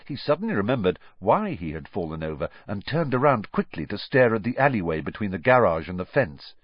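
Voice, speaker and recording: A man narrating an audiobook in an expressive storytelling manner. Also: on the low side, brisk, husky, dry recording. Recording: dry, slightly muffled.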